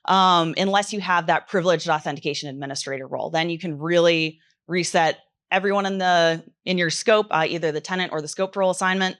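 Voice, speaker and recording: A woman presenting a technical talk at a conference, explaining in a relaxed way with frequent fillers. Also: lowish voice. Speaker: conference speaker. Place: conference stage.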